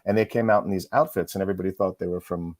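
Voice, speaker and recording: A middle-aged man, a musician and author, chatting as an interview guest, rambling quickly through stories with lots of fillers. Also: sits low, fairly even intonation, darkish tone, no room sound. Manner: fast, rambling storyteller with frequent fillers. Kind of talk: casual interview chat.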